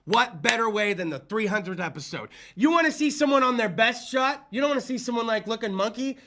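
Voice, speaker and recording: A man's voice: animated, a little fast, bright, forceful tone. A man hosting a small-studio talk show, rambling in hyped, profane banter. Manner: rambling, hyped, swears freely, slips into goofy low voices. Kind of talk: loose, profane live call-in show banter.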